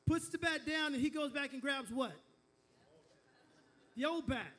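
A man's voice: extremely high pitch, measured pace, fairly bright tone. A man preaching a sermon as pastor, telling a family story, stumbling into restarts and calling on the congregation to repeat after him. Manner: storytelling with call-and-response to the congregation; frequent stammered restarts.

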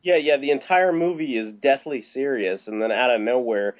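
A man's voice: medium pitch, moderate pace. Rambling man on a lo-fi podcast. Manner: rambling, with many restarts and casual swearing. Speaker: podcast co-host. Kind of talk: casual film-review chat. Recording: slightly dull, lo-fi podcast audio.

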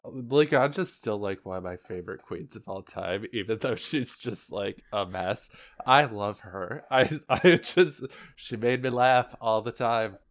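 A man co-hosting a podcast in casual chat, talking loosely with lots of fillers and animated quoted asides. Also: fairly low pitch, measured pace, muffled recording. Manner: chatty, filler-heavy, animated quoting. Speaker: podcast co-host.

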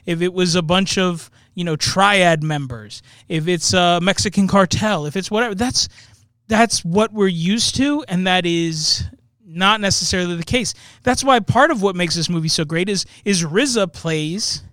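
High-voiced man chatting about movies, dry mic. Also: moderate pace, a bit bright, no room sound. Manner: rambling, tags points with "right?". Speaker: podcast co-host. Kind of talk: casual movie review chat.

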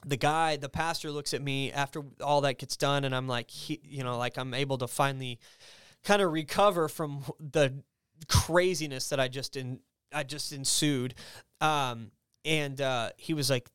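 A man in his thirties telling a personal testimony as a podcast guest, casual and animated, often slipping into other people's voices as he retells what they said. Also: moderate pace, smooth, dry recording, studio quality. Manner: animated, acts out quoted voices in a raised pitch; casual, filler-heavy with frequent restarts.

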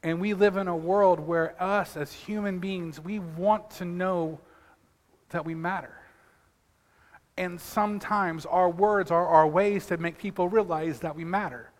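A male pastor with a notably high voice preaches to his church, chatty and loose, stumbling over repeated words as he goes. His sermon rings through a large sanctuary with a long, lingering reverb. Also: steady tone, unhurried. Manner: conversational preaching with frequent restarts and repeated words; calls out to the congregation for responses.

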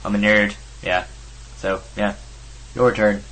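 A man's voice: lowish voice, fairly even intonation, slow, fairly bright tone, rough recording. A teenage man with an Irish accent from Meath, co-hosting a casual bedroom podcast in a laid-back, filler-heavy way. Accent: Irish, from County Meath. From Ireland. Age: teens. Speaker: co-host. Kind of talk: casual amateur podcast chat. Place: home bedroom studio.

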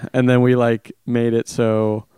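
Rambling, playful young man, smooth voice. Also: medium pitch, monotone, moderate pace, warm tone, no room sound, clean studio sound. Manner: rambling storyteller, playful, laughs often. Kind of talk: casual chat.

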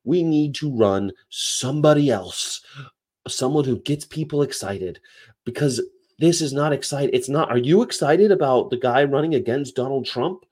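A man's voice: mid-range voice, animated, moderate pace, a little mellow. A man hosting a livestream, chatting casually and rambling between topics and read-aloud definitions. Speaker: livestream host.

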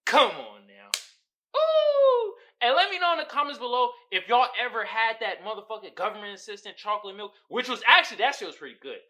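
A podcast host riffs on memes in casual comedic commentary, talking fairly quickly with big pitch swings. He laughs often, swears freely, and jumps between loud whoops and low mutters.

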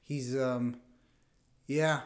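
A man guesting on a podcast as a comedian, sarcastic and animated, swearing freely in casual chat. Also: medium pitch, extremely slow.

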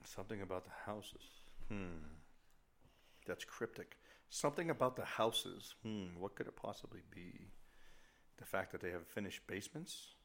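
A man's voice: deep voice, moderate pace, fairly bright tone. A middle-aged man hosting a casual podcast, ranting in an exasperated, rambling way and poking fun at himself. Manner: exasperated, rambling, self-mocking. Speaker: podcast host.

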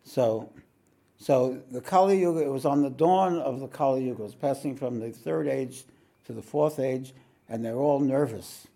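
A spiritual teacher telling a tale to his listeners. He rambles, clears his throat often and fills gaps with "uh". His voice is mellow and dark, with a gravelly rasp. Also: mid-range voice, moderate pace. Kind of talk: storytelling talk to a meditation audience.

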